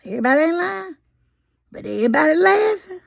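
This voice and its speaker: A woman's voice: very high voice, big pitch swings, brisk, vocal fry, no room sound, clean studio sound. A woman giving folksy, sassy casual commentary straight to her viewers. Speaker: commentary vlogger.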